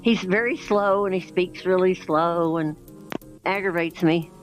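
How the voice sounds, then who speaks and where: Casual older lady, 60s, telling a story and doing all the voices, bit of quiet music in the back. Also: lowish voice, measured pace, rough recording. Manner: lively storyteller acting out quoted dialogue. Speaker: chat participant. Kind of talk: casual chat.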